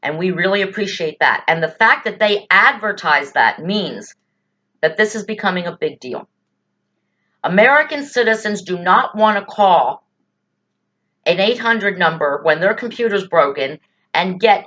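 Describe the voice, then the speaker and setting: A woman's voice: medium pitch, lively intonation, moderate pace, pushed and bright, lo-fi sound. A woman giving indignant political commentary in a blunt, exasperated way, full of rhetorical questions and swearing. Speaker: political vlogger.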